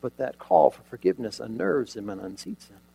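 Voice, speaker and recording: A man preaching a sermon, retelling a scene dramatically with rhetorical questions and sudden shifts from loud emphasis to near quiet. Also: mid-range voice, big pitch swings, fairly quick, gravelly, husky, rough recording.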